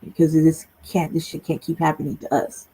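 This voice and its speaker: A woman's voice: sits low, little pitch movement, fairly quick, mellow, husky, rough recording. A woman talking bluntly and profanely on a livestream talk show over a remote call, often checking in with "right?". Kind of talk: casual heated talk. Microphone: remote streaming call.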